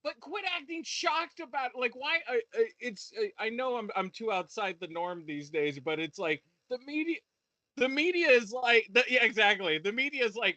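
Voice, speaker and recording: Man, rambling profane rant, lots of restarts, high-pitched, bright tone. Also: expressive, moderate pace, no echo. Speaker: podcast co-host reviewing shows. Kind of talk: casual chat.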